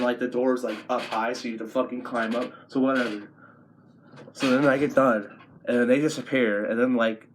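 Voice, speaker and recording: Young male vlogger, mid pitch, swears constantly and laughs his way through a rambling storytime, faint hiss under the voice. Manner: profane, rambling, laughs often, animated retelling.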